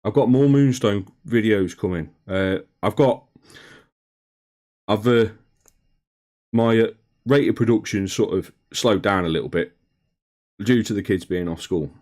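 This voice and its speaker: A man's voice: lowish voice, measured pace, long pauses, a little mellow. A man chatting casually on a live hobby stream, greeting viewers by name, calling them mate and swearing now and then. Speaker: streamer reading chat. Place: home hobby room.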